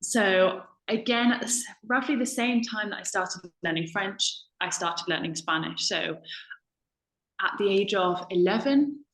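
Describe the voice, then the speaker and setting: A woman's voice: mid-range voice, a little slow, a bit bright, reverberant, rough recording. A young woman from the United Kingdom, a language assistant, chatting casually on a video call with many ums and self-corrections. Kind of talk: casual webinar chat.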